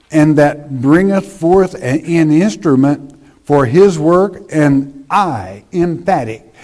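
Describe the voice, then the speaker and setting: A man preaching a sermon in a slow, conversational way, reading scripture with emphasis. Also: mid-range voice, a little mellow.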